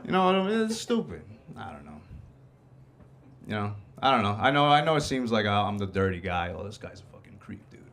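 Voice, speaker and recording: A man's voice: on the low side, sing-song, fairly quick, a bit bright. A man hosting a comedy show, doing a casual, profane stand-up set on a club stage. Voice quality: casual, profane, laid-back delivery.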